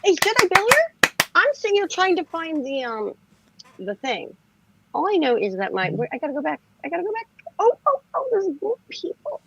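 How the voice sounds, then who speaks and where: A woman's voice: very high voice, huge pitch swings, normal speed, fairly bright tone, no echo, rough recording. A woman with a lisp, co-hosting a casual late-night livestream chat, giggling and scattered as she talks. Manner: giggly, scattered, laughing often. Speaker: livestream co-host.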